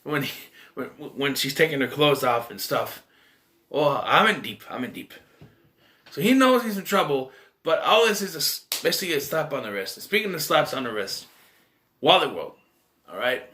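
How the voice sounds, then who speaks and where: A man talks through a movie review in a loose, rambling way, stopping and restarting his sentences. His voice sits a little high and swings widely in pitch. The tone is bright and forward. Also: fairly quick. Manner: rambling, animated, lots of restarts and filler. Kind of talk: casual solo movie review.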